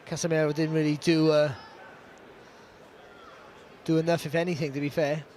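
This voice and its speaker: High-voiced boxing pundit. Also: male voice, little pitch movement, moderate pace. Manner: chatty, filler-heavy, restarts often. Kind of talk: expert fight analysis. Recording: commentary mix with loud arena noise.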